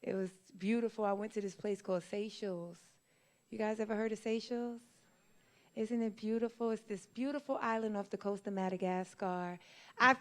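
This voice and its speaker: A woman from New York works a live stand-up set. She tells her stories in an animated way, often breaking into laughter between lines. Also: medium pitch. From New York, USA. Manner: animated storytelling with frequent laughs. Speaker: comedian. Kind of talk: stand-up comedy. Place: live show in a church venue.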